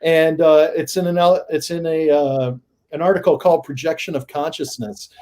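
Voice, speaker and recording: Guy on a paranormal podcast telling stories, gets excited, kinda mellow warm voice. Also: on the high side, normal speed. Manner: animated, rising to excited emphasis. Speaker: guest paranormal investigator. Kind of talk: casual storytelling in a podcast interview.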